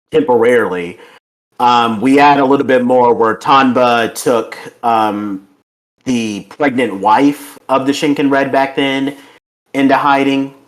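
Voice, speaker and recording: A man talking through a casual podcast review at an ordinary pitch. He rambles eagerly, full of fillers and restarts, never quite stopping. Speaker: podcast host.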